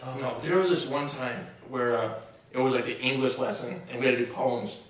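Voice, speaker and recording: A young man co-hosting a podcast, telling school stories in casual chat, animated and acting out what people said. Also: mid-range voice, brisk. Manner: animated storyteller, acts out quotes, chuckles. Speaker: podcast co-host. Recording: very echoey room, far from mic, faint noise.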